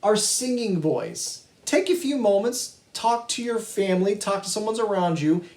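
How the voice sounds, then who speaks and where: High-voiced man teaching young kids. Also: very animated, normal speed, a little mellow. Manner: patient and encouraging, addressing young children and families. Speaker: music teacher. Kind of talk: virtual kindergarten lesson. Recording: echoey room.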